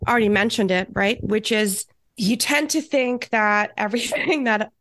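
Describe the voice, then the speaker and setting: A woman's voice: mid-range voice, moderate pace, a bit bright, no echo, clean studio sound. A woman guest on a casual podcast, talking emphatically and swearing for emphasis.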